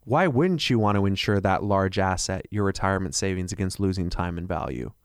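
Persuasive man pitching on the radio. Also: expressive, brisk, clean tone, dry recording, clean studio sound. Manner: persuasive, rhetorical questions. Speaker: financial advisor.

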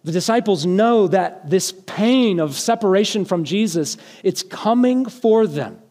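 A man's voice: high voice, lively intonation, measured pace, darkish tone. A male pastor preaching a sermon earnestly, now and then lifting his voice for emphasis. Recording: long hall reverb.

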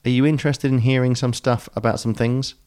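A man's voice: medium pitch, steady tone, fairly quick, darkish tone, smooth. A man with an Australian accent hosting a casual podcast chat, rambling and joking with plenty of ums. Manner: rambling, jokey, many ums. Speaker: podcast host.

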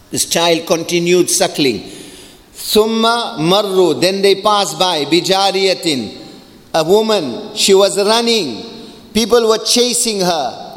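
A male preacher delivering an emphatic, rhetorical sermon, rapidly reciting Arabic verses between English explanations. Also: sits high. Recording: long hall reverb.

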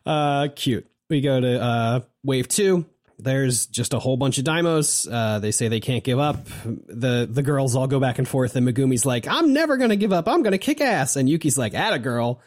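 A man's voice: medium pitch, moderate pace, darkish tone. A man co-hosting a podcast, casually recapping a game's story with wry asides and lots of fillers. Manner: laid-back, many fillers, wry asides. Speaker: podcast co-host. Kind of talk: casual chat recapping a game.

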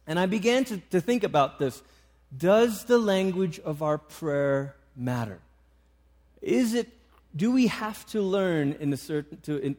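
A man's voice: a little high, a little mellow. A man preaching a sermon, retelling a story with frequent restarts.

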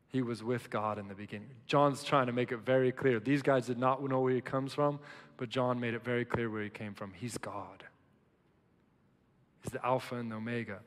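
A man delivering a relaxed, conversational sermon at a mid pitch. He builds from hushed, low phrases to loud, pumped-up emphasis as he tells the story. His voice carries a long reverb, as if spoken in a large hall. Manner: animated, emphatic storytelling with swings from quiet to loud. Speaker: pastor. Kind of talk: casual sermon.

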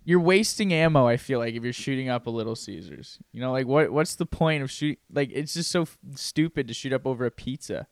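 A man's voice: medium pitch, lively intonation, fairly quick, hardly any pauses, no room sound, studio quality. A man co-hosting a casual comedy podcast, rambling with lots of fillers and laughing often. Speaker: podcast co-host.

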